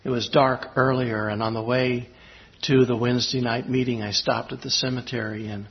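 A man preaching a sermon, telling a personal story in a reflective, halting way with pauses and restarts. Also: medium pitch, flat delivery. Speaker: pastor. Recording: slightly dull lo-fi recording.

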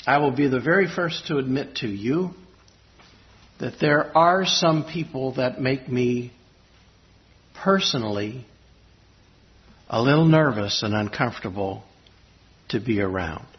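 A male pastor at a middle pitch delivers a sermon through a slightly dull, lo-fi recording. He tells a personal story reflectively, pausing and restarting as he goes. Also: expressive.

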